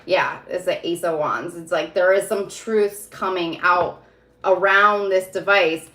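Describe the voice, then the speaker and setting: A woman's voice: lowish voice, measured pace, fairly bright tone. A woman psychic reader talking in a casual, rambling way, full of fillers and frequent laughter. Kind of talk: casual spiritual vlog talk. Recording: roomy echo.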